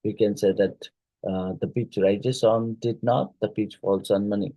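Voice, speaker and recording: A man's voice: fairly low pitch, flat delivery, measured pace, warm tone, no echo, rough recording. A male teacher going through exam questions, reading each one aloud and then reasoning out the answer. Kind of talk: exam question review lesson.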